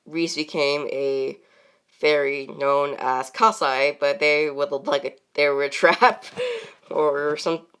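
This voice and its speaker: A woman's voice: low voice, takes it slowly, fairly bright tone, clean tone. A woman chatting casually and unscripted as a channel host, rambling with many fillers and frequent laughs.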